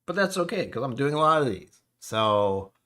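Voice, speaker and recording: A man's voice: medium pitch, very animated, moderate pace, pushed and bright. A man hosting a live whiskey stream, chatting casually, rambling and correcting himself as he greets viewers. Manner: rambling, self-correcting, talks to chat.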